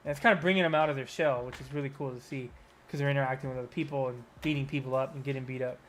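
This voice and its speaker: A man in his thirties co-hosting a podcast, telling stories in casual chat, animated and swearing freely. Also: medium pitch, rapid-fire. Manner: animated storyteller, swears a lot. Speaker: podcast co-host.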